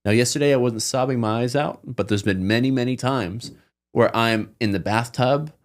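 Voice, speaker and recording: A young adult man co-hosting a podcast, speaking candidly and in a relaxed, soft way about his own emotions. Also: mid-range voice, normal speed. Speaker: podcast co-host. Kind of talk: casual personal talk.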